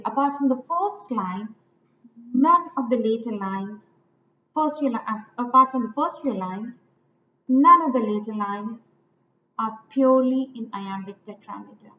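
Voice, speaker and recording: A woman lecturing on poetic meter, slow and deliberate, repeating lines and stressing each syllable. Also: high-pitched. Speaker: literature teacher. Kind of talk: poetry lecture. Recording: echoey, tinny phone-like audio with faint noise.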